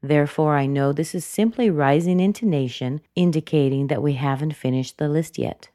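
A woman's voice: deep voice, normal speed, mellow, no room sound, clean studio sound. A woman teaching English pronunciation, explaining patiently and repeating words to show how the intonation rises and falls. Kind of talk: slow explanatory lesson.

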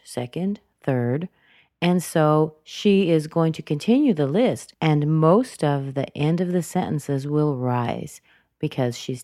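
A woman teaching English intonation in a clear, deliberate way, modeling each phrase for learners to repeat. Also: sits low, dark tone, dry recording, studio quality. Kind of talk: spoken lesson.

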